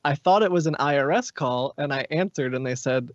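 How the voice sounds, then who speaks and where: A man's voice: on the high side, a little fast, no echo. Podcast guest guy rambling thru long stories, dead dry room, kinda muffled. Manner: explains at length in long stories. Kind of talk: casual podcast chat.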